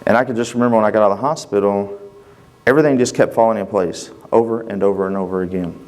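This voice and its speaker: In a darkish voice on the low side, an adult father quickly shares his testimony with the church. His speech is plain and folksy, and he acts out the conversations as he goes.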